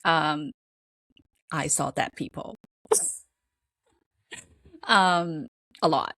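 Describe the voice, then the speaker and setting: A woman with a low voice co-hosts a relaxed podcast chat. She talks haltingly, filling gaps with "um" and "you know" and laughing between phrases. The sound is dry and close. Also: dry recording. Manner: hesitant, halting with fillers and restarts. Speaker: podcast co-host. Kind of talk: casual chat.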